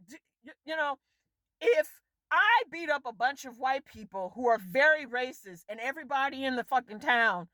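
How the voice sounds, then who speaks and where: A woman vlogger in an exasperated, profane rant about a film she reviews, her voice swinging sharply up and down. Her pitch sits on the high side, and the recording is close and dry with no room sound. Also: very animated, normal speed, pushed and bright, no echo. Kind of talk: casual rant to camera.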